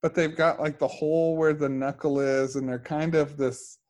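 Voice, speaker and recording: A man's voice: a little high, flat delivery, normal speed, a little mellow. A man co-hosting a podcast in casual chat, with easygoing banter and playful asides. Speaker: podcast co-host.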